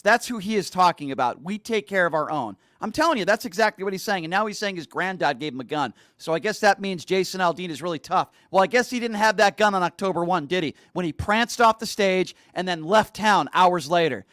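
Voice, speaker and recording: A man's voice: high voice, animated, a little fast, a bit bright, no echo, studio quality. A male talk show host delivering an indignant, mocking rant, repeating his points over and over. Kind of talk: opinionated talk radio rant.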